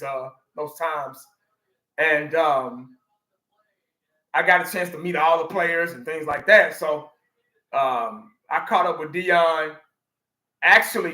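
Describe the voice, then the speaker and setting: A middle-aged man talks to his audience in a loose, rambling way, circling back and restarting his thoughts. His voice sits fairly high with a very bright, sharp edge. The room around him is echoey. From Texas. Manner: rambling, restarts a lot, addresses viewers. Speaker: fan channel host. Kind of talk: casual chat.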